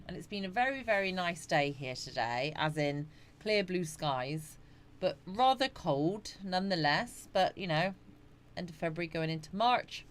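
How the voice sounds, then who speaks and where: A woman's voice: lowish voice, animated, moderate pace. A middle-aged woman hosting a casual live chat stream from home, greeting viewers by name and reading their comments out. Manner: chatty, greets viewers by name, frequent yawns and laughs. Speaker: livestream host.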